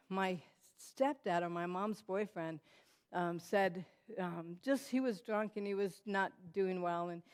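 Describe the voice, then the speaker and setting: With a low, darkish voice, this guest speaker recounts her personal testimony to a church hall audience. She talks to the listeners directly in a chatty manner, often using fillers and restarting sentences.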